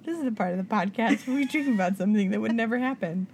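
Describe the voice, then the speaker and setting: Young woman, podcast co-host, giggly and animated, faint background hiss. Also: a little high, very fast. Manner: giggly, animated, does playful voices. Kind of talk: casual chat.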